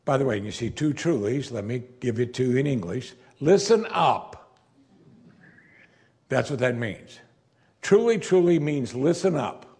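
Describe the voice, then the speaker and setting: Animated male preacher, lively delivery. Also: medium pitch, unhurried. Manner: animated, conversational, playfully acts out quoted lines. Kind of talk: expository sermon.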